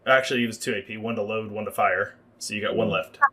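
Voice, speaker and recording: A man's voice: fairly low pitch, fairly even intonation, fast talker, fairly bright tone. A man narrating as game master for a livestreamed tabletop game, explaining the rules at length.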